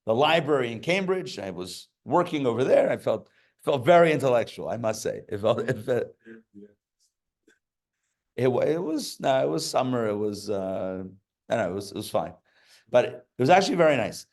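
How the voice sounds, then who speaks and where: A man's voice: medium pitch, lively intonation, normal speed, a little mellow. A man, a rabbi, teaching a live class in a casual, chatty way, with joking asides and frequent fillers and restarts. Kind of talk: casual Torah class with stories. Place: live class before an audience.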